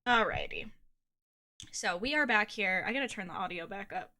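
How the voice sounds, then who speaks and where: A woman's voice: mid-range voice, animated, moderate pace, sharp tone, soft background music. A woman from Ohio, streaming a game and chatting casually with her viewers, giggling often and swearing casually. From Ohio, USA. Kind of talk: casual live-stream chat while gaming.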